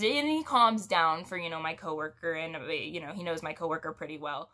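A woman's voice: low-pitched, fairly quick, few pauses, sharp tone. A young woman telling a casual story to her viewers, chatty and rambling, with giggles and restarts. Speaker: storytime vlogger.

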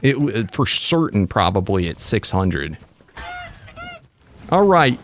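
A young man chatting casually to viewers while playing a video game, excitable and talkative. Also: fairly low pitch, takes it slowly, long pauses. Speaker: gaming YouTuber. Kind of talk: casual gameplay commentary.

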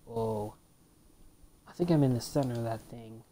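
This let's play gamer is a woman with a very deep, dark-toned voice speaking at normal speed, and a little hiss or hum can be heard. Her casual game commentary mixes exclamations with playfully complaining, half-whispered asides to herself.

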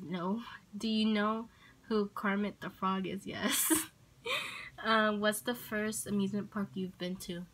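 A woman's voice: medium pitch, a bit bright, rough recording. A woman vlogger answering tag questions in a rambling, hesitant way, full of ums and likes. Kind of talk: casual Q&A tag video.

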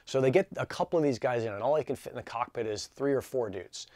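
A man in his forties telling a story in a casual, energetic, chatty way, full of fillers like "like" and "dude". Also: medium pitch, fast, no echo. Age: 40s. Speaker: channel host.

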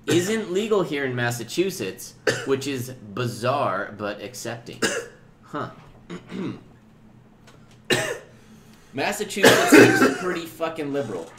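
A man co-hosting a casual livestream podcast, stoned, slow and rambling, with coughing fits. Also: medium pitch, wildly swooping pitch, a bit bright. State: high, coughing. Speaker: podcast co-host. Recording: echoey room with faint noise.

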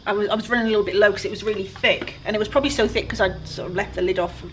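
A woman with a Welsh lilt chats away to her viewers as she works, joking about her own laziness. Her voice sits in an ordinary middle range. A steady hiss of background noise runs under the outdoor recording. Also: medium pitch, rapid-fire, rough recording. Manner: chatty, self-deprecating, talks to viewers while working. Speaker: furniture flipper. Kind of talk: casual DIY vlog narration. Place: outdoor work area with flies.

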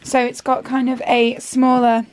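A woman's voice: fairly high pitch, monotone, measured pace, darkish tone. A young woman vlogging casually from her bedroom, rambling and chatty with lots of fillers, filmed on a handheld vlog camera. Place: bedroom at home.

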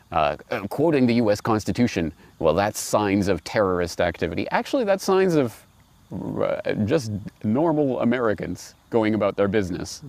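A man's voice: on the low side, creaky, darkish tone, no room sound. A man commenting casually as host, with frequent hesitations.

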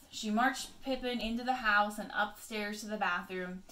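Bright teacher reading a picture book. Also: female voice, on the high side, normal speed, hardly any pauses, echoey room. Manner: expressive read-aloud with chatty asides to pupils.

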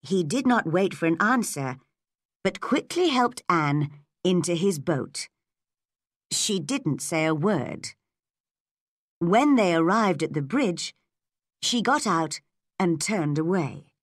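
Woman narrator for learner stories, low-ish, unhurried, clear diction. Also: lively intonation, no room sound, clean studio sound. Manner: slow, clear, measured reading. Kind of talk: graded-reader story narration for learners.

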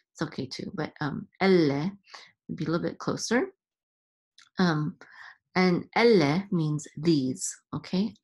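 A woman teaching Hebrew reading step by step, patiently repeating each sound and sometimes sliding into a soft near-whisper. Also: sits low. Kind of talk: slow step-by-step lesson.

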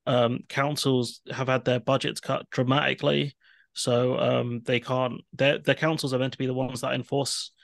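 A man speaks in a flat, level tone with a gravelly fry in his voice. He is measured and hesitant, pausing often on ums, and the sound is dry and close. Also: mid-range voice, dry recording. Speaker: podcast co-host. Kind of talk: casual political discussion.

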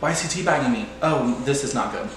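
A man's voice: fast talker, very echoey, heavy background noise. A man giving a casual, self-mocking commentary on a video game he is playing. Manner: playful, self-mocking, sudden high-pitched squeals.

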